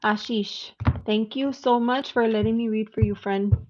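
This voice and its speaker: A woman hosts a live tarot stream, chatting casually with viewers and laughing often. Her voice is fairly high and darkish, with fairly even intonation at a moderate pace, and the lo-fi sound is slightly dull with faint noise.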